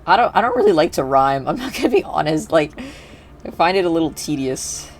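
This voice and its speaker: A young man with a slightly high, sing-song voice chats fairly quickly while streaming a video game. His casual talk rambles, heavy with fillers, and he keeps interrupting and restarting himself.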